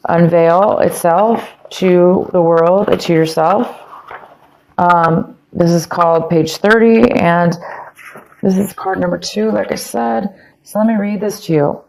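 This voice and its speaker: A woman with a slightly low voice talks through a tarot reading, circling back over her phrases with plenty of ums. She is losing her voice as she goes. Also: fairly even intonation, takes it slowly, vocal fry, a little mellow, slight background noise, low-quality recording. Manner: rambling, repeats phrases, many ums. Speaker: tarot reader. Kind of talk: casual tarot reading to camera.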